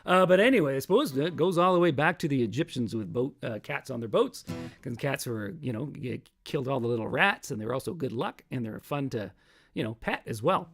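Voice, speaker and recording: A man's voice: mid-range voice, animated, fairly quick, vocal fry, a bit bright, husky, faint music behind. A man hosting his own livestream as a singer-songwriter, chatting casually between songs in a rambling, self-mocking way that often trails off.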